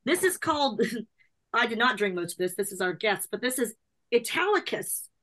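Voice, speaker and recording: A woman co-hosting a relaxed video-call chat, her voice set a little high and very bright. She talks in a bubbly, quick way and laughs often. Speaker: co-host. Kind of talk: casual chat over drinks.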